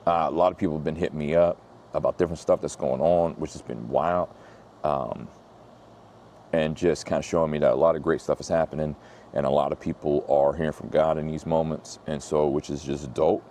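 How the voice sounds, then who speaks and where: Laid-back low-voiced preacher. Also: male voice, fairly quick, a little hiss or hum. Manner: laid-back slang-heavy preaching, lively when retelling. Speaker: pastor. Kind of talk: casual sermon storytelling.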